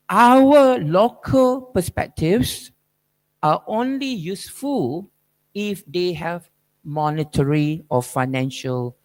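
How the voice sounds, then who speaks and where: A man giving an academic keynote lecture, driving his points with rhetorical questions and "right?" tags. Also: a little high. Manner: probing, emphatic lecturing. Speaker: keynote speaker.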